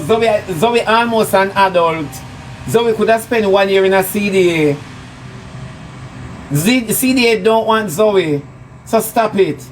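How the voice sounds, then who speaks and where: A high-pitched man with a Jamaican accent rants mockingly on a live stream, heaping sarcastic scolding on his targets. He sits back from the mic, and loud background noise runs under his voice. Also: recorded from a distance, poor audio. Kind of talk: ranting live-stream monologue.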